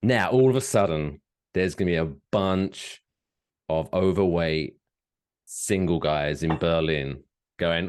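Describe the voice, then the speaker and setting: A man co-hosting a podcast in a casual, jokey chat, playful and quick to slip into silly voices. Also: deep voice, a little mellow, smooth. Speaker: podcast co-host.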